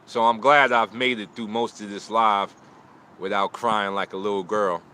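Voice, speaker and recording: A martial arts teacher streams live outdoors from a phone, speaking in short, preaching lines about loss and motivation. His voice is on the low side with a sharp tone, fairly even intonation and normal speed. The emotional talk carries a little hiss or hum.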